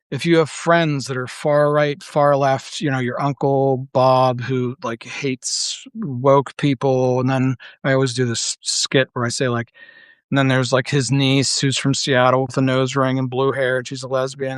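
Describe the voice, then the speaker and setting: In a mid-range voice with no echo, a man delivers an unscripted monologue as an online commentator. He's heated and blunt, swearing, restarting his rambling thoughts, and firing off rhetorical questions.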